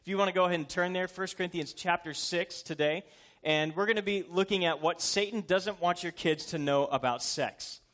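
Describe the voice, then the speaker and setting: A male pastor in his thirties delivers a sermon with an easy, conversational manner, mixing light jokes with earnest conviction. His voice sits a little higher than most men's. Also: a little fast, a bit bright.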